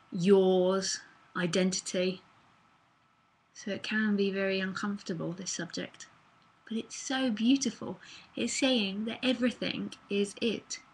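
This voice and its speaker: A woman with a husky, breathy voice gives an earnest spiritual talk in an easy, casual way. She drops in fillers and the odd swear word as she speaks into a computer mic on a live online call. Her pitch sits in the middle of a woman's range. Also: a bit bright, poor audio. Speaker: spiritual teacher.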